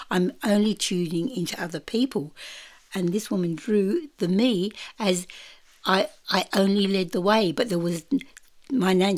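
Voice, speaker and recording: An older Australian woman telling her life story in an interview, animated, acting out the voices of people in her stories, with some casual swearing. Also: fairly low pitch. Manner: animated, acts out quoted voices, mild swearing. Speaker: interview guest. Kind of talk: storytelling in conversation.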